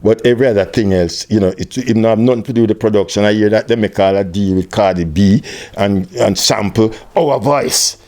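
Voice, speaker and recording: An older Jamaican man telling an animated story in an interview, with patois phrasing, acting out other people's voices. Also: brisk. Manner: animated storyteller, acts out quoted voices at high pitch. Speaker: interviewee, music tour manager.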